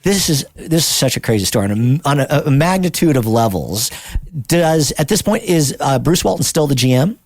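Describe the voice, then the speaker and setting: A man's voice: a little high, sing-song, normal speed, no echo. A man hosting a casual podcast interview, reacting and asking short follow-up questions. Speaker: podcast host.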